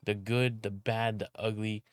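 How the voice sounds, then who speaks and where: A young man ranting casually to camera about content creation, talking loudly with frequent restarts and some swearing. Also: fairly low pitch, level tone, measured pace, smooth, no echo, clean studio sound. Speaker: content creator and video editor. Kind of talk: casual vlog rant.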